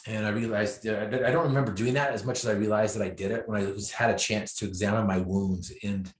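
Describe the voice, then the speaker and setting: A man, a guest speaker, telling a personal story in an interview with self-deprecating humor, acting out the lines of the people in it. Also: fast talker. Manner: animated storyteller, acts out his own and others' lines with bursts of pitch and volume. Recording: echoey room.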